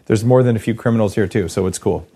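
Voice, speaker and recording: American man, middle-aged, podcast host, lowish voice, dry wit, stammering restarts. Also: quick pace, dark tone. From United States. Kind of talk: casual podcast conversation.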